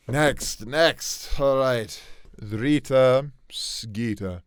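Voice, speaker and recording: A man chatting through his own impressions and teasing himself with quick laughing asides. He speaks slowly, and his voice rises and falls a lot. The sound is dry and close. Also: mid-range voice, expressive, clean tone, no echo. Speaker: comedy video host. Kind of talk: casual impressions video.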